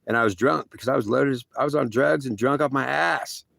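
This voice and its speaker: Gravelly man rambling through a story. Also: mid-range voice, a little fast, fairly bright tone, no room sound. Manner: restless, repeats himself, full of "like" and "literally". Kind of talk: rambling first-person story.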